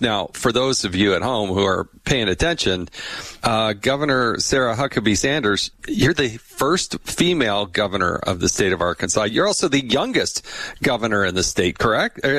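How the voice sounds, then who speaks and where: A man's voice: mid-range voice, no echo. A middle-aged man hosting a political podcast, chatting casually and telling funny anecdotes. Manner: chatty, tells funny anecdotes with animated quoted voices. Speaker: podcast host.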